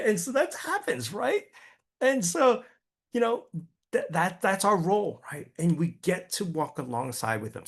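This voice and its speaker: A man giving a conversational training talk to real estate agents, chatty and often checking in with listeners, stumbling and repeating words as he goes. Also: mid-range voice. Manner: chatty, keeps asking "right?".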